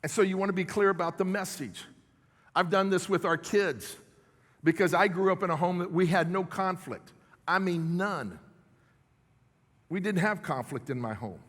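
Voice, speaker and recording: A middle-aged man preaches in a church, his voice sitting a little high for a man. He talks plainly and conversationally, checking in with the crowd as he goes. A long reverb from the big hall trails behind his words. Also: moderate pace, pauses often, fairly bright tone. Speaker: pastor. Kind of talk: sermon. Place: church sanctuary.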